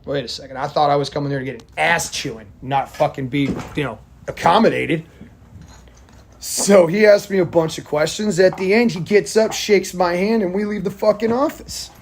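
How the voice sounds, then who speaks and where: A man's voice: a little high, normal speed, slight background noise. A man who served in the army, telling a war story in a blunt, rambling monologue full of swearing. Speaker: army veteran vlogger.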